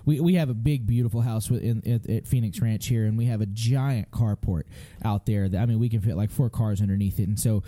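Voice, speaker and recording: A man's voice: fairly low pitch, fairly quick, dark tone. A middle-aged man co-hosting a parenting podcast, telling a story in a rambling, folksy way with frequent laughs. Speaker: podcast co-host. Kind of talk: casual chat.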